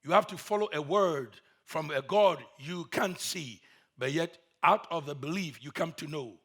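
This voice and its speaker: A man's voice: fairly high pitch, normal speed, a bit bright, slightly rough. A man preaching a sermon, telling a story with emphatic, repeated phrases.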